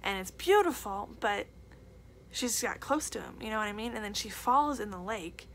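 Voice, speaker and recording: A young woman chats through a book review in a casual vlog, gushing, emotional and full of fillers. Her voice has a gravelly edge, and faint noise sits under the recording. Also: medium pitch, lively intonation, normal speed. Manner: gushing, emotional, repeats herself with many fillers.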